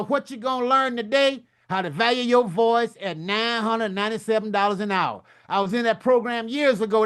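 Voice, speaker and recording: Man, middle-aged, very high voice, loud, preacherly, rousing speaker. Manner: loud, preacherly, rousing with call-and-response asides. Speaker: summit speaker. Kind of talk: energetic motivational presentation.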